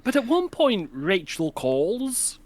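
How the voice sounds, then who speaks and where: A young man co-hosts a casual book club chat in an animated, swinging voice. He speaks bluntly and casually, with plenty of swearing. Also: high voice, slow pace.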